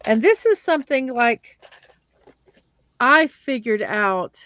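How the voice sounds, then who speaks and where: A woman's voice: a little high, big pitch swings, slow pace, fairly bright tone, no room sound, lo-fi sound. A woman hosting a livestream, chatting casually and rambling with fillers and restarts while she builds blocks.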